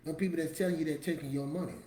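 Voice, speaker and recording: A man talks straight to camera, preachy and emphatic, in loose street-casual speech. His voice sits a bit high for a man. The room rings with echo, and a faint hiss runs underneath. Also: fairly even intonation, racing, mellow. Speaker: motivational vlogger. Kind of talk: motivational talk to camera.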